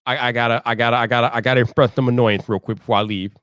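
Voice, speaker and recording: A man hosting a casual live stream, talking in an animated way, repeating himself and ranting loudly when annoyed. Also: medium pitch, very fast, clean tone, dry recording, clean studio sound.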